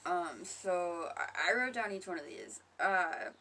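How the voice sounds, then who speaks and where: A woman talking casually to camera in a rambling, profane monologue about spirituality, often laughing and getting loud when she quotes others. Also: fairly low pitch, big pitch swings, measured pace, vocal fry, distant mic. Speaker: spiritual vlogger.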